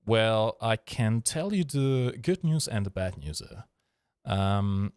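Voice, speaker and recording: A man with a lowish voice hosts a casual live stream and rambles through jokes and chat questions. He fills gaps with ums and uhs. The sound is dry and close, with no room echo. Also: very animated, takes it slowly, a little mellow, smooth. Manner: joking, rambling, with frequent fillers.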